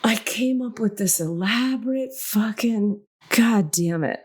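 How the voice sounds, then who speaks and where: A woman podcast host telling a personal story in casual chat, animated and rambling, correcting herself and swearing casually. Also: on the high side, slow. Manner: animated, acts out quoted dialogue, swears casually; rambling, self-correcting, many fillers.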